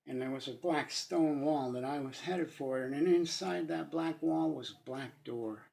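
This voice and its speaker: A man in his fifties sharing an emotional personal testimony, earnest and halting, with pauses and restarts, at times moved to tears. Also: medium pitch, vocal fry, darkish tone. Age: 50s.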